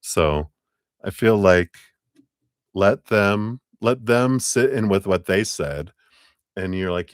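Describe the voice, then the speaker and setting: A man with a very low voice reads tarot cards live for a client. He talks gently and loosely, drifting through his thoughts with plenty of fillers. The sound is dry, with no room echo. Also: animated, slow, long pauses. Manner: casual, rambling, gentle, full of fillers. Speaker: tarot reader.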